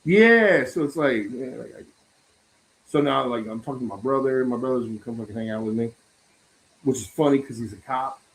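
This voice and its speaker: A man's voice: medium pitch, fairly quick, low-quality recording. A man hosting a casual talk stream, swearing often and laughing as he tells stories. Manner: profane, laughs often, animated storytelling. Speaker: podcast host. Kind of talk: casual chat.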